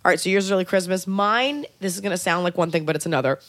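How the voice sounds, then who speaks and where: A wry woman hosting a comedy podcast, her voice sitting a touch low and her delivery full of profane jokes and offhand asides. The sound is close and dry, with no room around it. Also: racing, a bit bright, no room sound. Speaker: podcast host.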